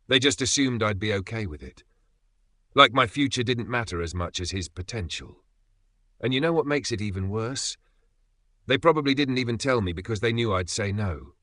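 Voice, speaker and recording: A man's voice: fairly low pitch, pushed and bright, dry recording. A man reading a first-person story aloud in a scripted narration style, telling it in an aggrieved, indignant way.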